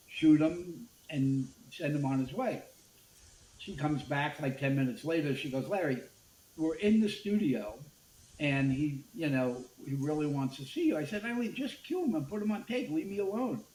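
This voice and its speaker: An older man, a media executive telling anecdotes in an interview and acting out the dialogue. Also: on the high side. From Brooklyn, USA. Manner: animated storyteller acting out dialogue. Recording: roomy echo with faint background noise.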